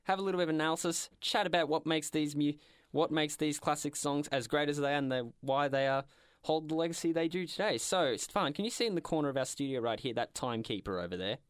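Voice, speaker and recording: A man's voice: a little high, fast, smooth, no room sound. A man, hosting a casual music podcast in a studio and announcing rounds in an upbeat game-show style. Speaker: podcast host.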